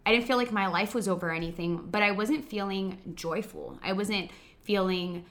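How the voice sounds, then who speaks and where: Recovering from a cold, a young woman co-hosts a live chat in a medium-pitched, fairly bright voice at a moderate pace. She talks casually, with many fillers and easy laughs.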